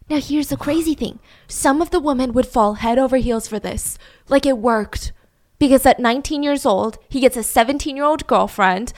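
A woman hosting a true crime podcast, telling the story in a chatty, heavily sarcastic, mock-admiring way and speaking straight to her listeners. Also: fairly high pitch. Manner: chatty, addresses listeners directly. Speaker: podcast host.

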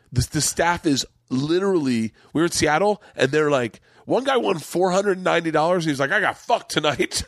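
A man's voice: a little high, dry recording. Profane storytelling man, dry close sound. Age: middle-aged. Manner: rambling, profane, acts out quotes. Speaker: podcast host, comedian. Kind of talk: casual storytelling chat.

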